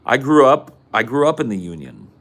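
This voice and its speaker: A man's voice: medium pitch, very animated, brisk, a bit bright. A man from Central California with a Californian accent, chatting casually on a podcast, loose and profane, with lots of "like"s. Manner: loose, profane, rambling with many "like"s. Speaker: podcast co-host.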